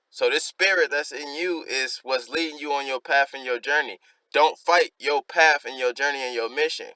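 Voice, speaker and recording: A man's voice: medium pitch, moderate pace, bright, forceful tone, no echo, low-quality recording. A man hosting a music reaction, reflectively explaining song lyrics line by line in casual slang.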